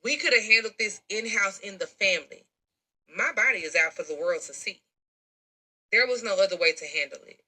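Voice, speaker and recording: A woman's voice: mid-range voice, lively intonation, brisk, bright, forceful tone, rough recording. A woman tells her own story in a blunt, emphatic way, with a lot of slang. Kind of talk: recorded personal story.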